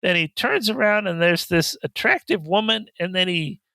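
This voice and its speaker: Bright, high-voiced man recapping a film. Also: normal speed, gravelly, dry recording. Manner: deadpan plot summaries with mocking quoted asides. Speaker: podcast co-host. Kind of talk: casual chat recapping a movie.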